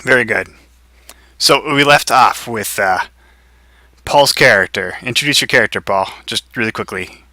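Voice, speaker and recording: A man running a tabletop game as game master, brisk and wry as he narrates and steers the players. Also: mid-range voice, pushed and bright, no room sound.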